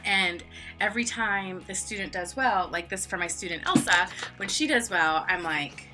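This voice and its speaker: A woman's voice: normal speed, music in the background. A woman in her thirties, an online English teacher, chatting casually on camera in a filler-heavy way and acting out classroom moments. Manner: chatty, filler-heavy, acts out classroom exchanges in high playful voices. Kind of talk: casual vlog explanation.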